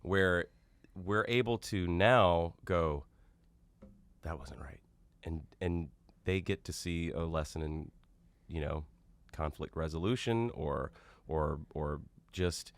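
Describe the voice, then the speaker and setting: A man who is a guest on a podcast, chatting in a relaxed, reflective way. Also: low-pitched, slow pace, gravelly. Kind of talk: casual conversation.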